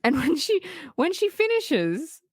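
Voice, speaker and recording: A woman co-hosting a film podcast, recapping scenes in a lively, laughing way and swearing casually. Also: high voice, a little slow, no room sound, studio quality. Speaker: podcast co-host. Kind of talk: casual film-review chat.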